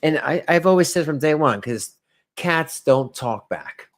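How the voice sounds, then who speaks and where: A man hosting a casual reaction video, animated and incredulous, laughing often as he mocks what he watches. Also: fairly high pitch, a little slow. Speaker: reaction commentary host.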